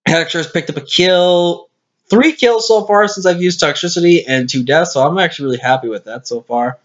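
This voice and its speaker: A man's voice: fairly high pitch, brisk. A tired man giving casual commentary over a game replay, rambling and correcting himself as he goes. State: tired, hiccuping. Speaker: gaming commentator. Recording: lo-fi screen-capture mic.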